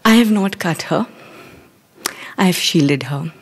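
An Indian woman in her forties, telling a personal story live on stage with measured, hesitant pacing and quiet near-whispered passages. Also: fairly low pitch, animated, slightly rough. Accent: Indian English. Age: 40s.

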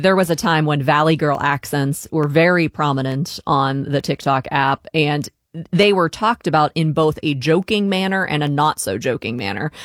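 A host conducting an interview, asking measured questions and prompting the guest. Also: medium pitch, fairly bright tone, dry recording, studio quality.

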